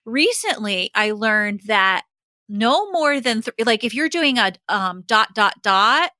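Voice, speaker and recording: A woman's voice: a little high, big pitch swings, slow pace, sharp tone, no room sound. A woman co-hosting a podcast in casual chat, hesitant and self-deprecating. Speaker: podcast co-host and coach.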